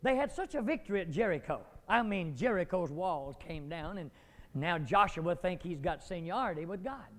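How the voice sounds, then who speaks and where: A man preaching a dramatic sermon, acting out biblical figures and climbing to near shouts. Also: sits high, lively intonation, moderate pace. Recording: long hall reverb.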